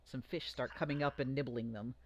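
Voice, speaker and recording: A game master narrating a tabletop fantasy game in a playful, animated way. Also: medium pitch, a little fast, a little hiss or hum.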